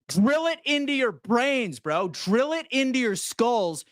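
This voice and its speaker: Brief: high-voiced male sports host, swings wildly in pitch, loud profane rant, dry close sound. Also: very animated, a little slow, hardly any pauses, dry recording. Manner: loud, profane, fired-up ranting. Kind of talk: fan rant reading chat.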